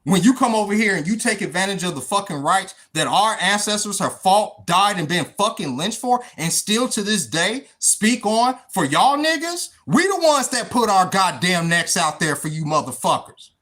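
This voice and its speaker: Man from the US, unscripted livestream monologue; very animated pitch, heavy profanity, words repeated as he pushes his point. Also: normal speed, hardly any pauses. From United States. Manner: emphatic, swears constantly, repeats words.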